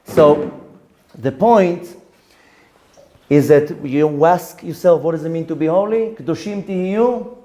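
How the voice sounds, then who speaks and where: A man, a rabbi giving a Torah lesson, telling personal stories in an animated way with Hebrew phrases mixed in. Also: on the high side, slow pace, pauses often.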